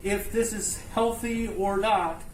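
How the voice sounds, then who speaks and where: A man's voice: sits high, fairly even intonation, takes it slowly, soft background music. A man refusing to leave a clinic, stubborn and sarcastic. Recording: distant echoey body cam audio.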